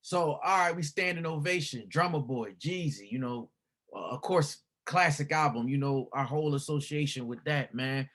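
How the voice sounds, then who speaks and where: A relaxed man hosting a casual talk, cheering his guest on with quick interjections. His questions ramble and restart as he works toward them. His voice sits a bit higher than most men's. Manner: relaxed, affirming with short interjections, stumbling questions. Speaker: interview host.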